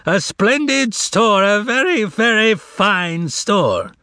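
A man's voice: medium pitch, sing-song, normal speed, slightly rough, no echo, studio quality. A man voicing a flamboyant, mock-polite male trickster with a crackling voice in an audiobook reading. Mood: grandiose. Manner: theatrical, mock-polite, grandly menacing.

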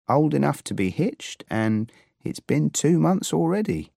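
A man's voice: fairly high pitch, very animated, a little slow, vocal fry, warm tone, dry recording, clean studio sound, voice pushed up, heavily acted. A man reading the part of a polite, settled young newlywed man in a mild, courteous, matter-of-fact way.

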